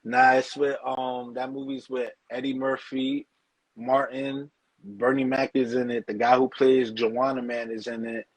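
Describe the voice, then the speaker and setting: A man's voice: mid-range voice, little pitch movement, measured pace, dry recording, rough recording. A man hosting a podcast, chatting casually with loose slang and lots of "bro". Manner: loose slang-heavy talk, calls listener bro. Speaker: podcast host. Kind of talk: casual chat.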